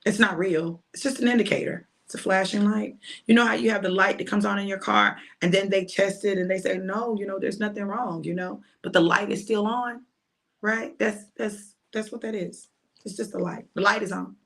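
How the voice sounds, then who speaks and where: A woman's voice: mid-range voice, fairly even intonation, moderate pace, creaky, a bit bright. A woman minister preaching informally to her viewers, emphatic and repetitive, with colloquial phrasing. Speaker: minister giving a prophetic message.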